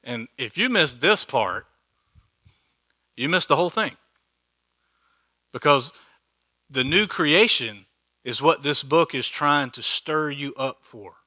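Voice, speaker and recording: A man's voice: on the high side, expressive, takes it slowly, pauses often, bright, forceful tone. A man teaching a Bible study in a church hall, conversational and joking, with many rhetorical questions.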